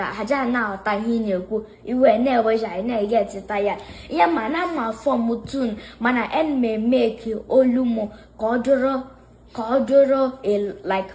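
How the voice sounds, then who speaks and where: A woman's voice: a little high, slight background noise. A woman acting as interviewer in a casual debate, talking animatedly and mixing Igbo and English.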